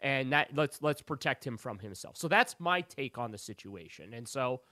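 A man's voice: mid-range voice, lively intonation, normal speed, bright, forceful tone, no echo, clean studio sound. A man on a sports radio show as the beat reporter guest, talking in rambling, emphatic runs full of restarts.

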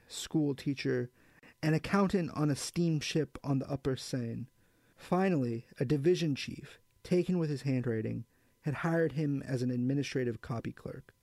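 A man reading a novel aloud in a measured, even storytelling manner. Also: medium pitch, creaky, dry recording. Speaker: audiobook narrator. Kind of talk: scripted narration of a novel.

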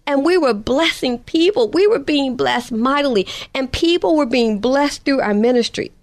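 A woman's voice: high-pitched, animated, moderate pace, no room sound. A woman voicing a tearful middle-aged wife calling in, with an earnest, emotional retelling. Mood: grieving.

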